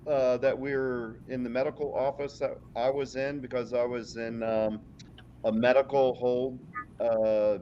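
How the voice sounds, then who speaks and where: A man, a military veteran, recounting his service in a rambling, halting way during casual chat. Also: medium pitch, darkish tone. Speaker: military veteran podcast guest. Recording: dull lo-fi audio with faint noise.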